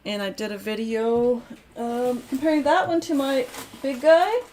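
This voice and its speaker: A woman's voice: a little high, steady tone, a little slow, darkish tone, slight background noise. Chatty woman crafting host. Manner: chatty, self-deprecating, thinking aloud while cutting. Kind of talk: casual live crafting chat.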